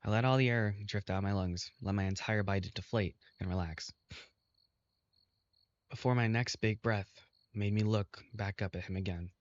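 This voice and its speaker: A man narrating a visual novel in steady first person. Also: lowish voice, normal speed, no room sound, lo-fi sound. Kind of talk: reading a game aloud.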